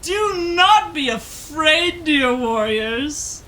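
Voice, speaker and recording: A woman voicing a booming, god-like male lightning spirit in a tabletop game, speaking slowly and grandly. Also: animated, slight background noise, heavily acted. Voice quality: loud, booming. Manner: slow, grand pronouncements.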